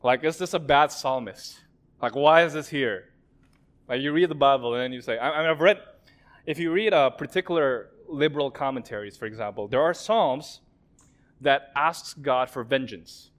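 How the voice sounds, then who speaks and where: A man's voice: mid-range voice, normal speed, a bit bright. A man preaching a sermon in a conversational way, often acting out quoted prayers and remarks.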